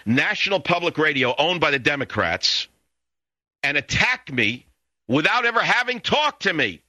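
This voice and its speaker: A man's voice: fairly high pitch, very animated, normal speed, pushed and bright, dry recording. A man in his sixties, a radio talk show host, delivering an indignant, taunting monologue full of repeated insults into a studio microphone.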